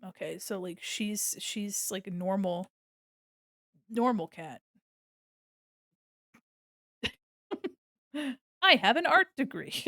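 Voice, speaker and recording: A woman's voice: mid-range voice, animated, takes it slowly, long pauses, sharp tone, no room sound. A woman streamer talks casually as she draws, her voice sitting in a middle register. She is giggly and affectionate, often breaking into laughter. The sound is dry and close, with no room around it. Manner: gushing and affectionate. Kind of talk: casual livestream chat while drawing.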